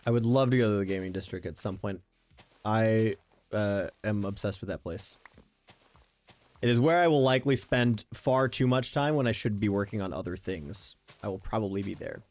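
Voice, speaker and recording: A man's voice: on the low side, moderate pace, a little mellow. A man streaming a survival game, talking casually and thinking aloud as he plays, often restarting his sentences. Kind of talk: casual gameplay commentary. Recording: faint background game music.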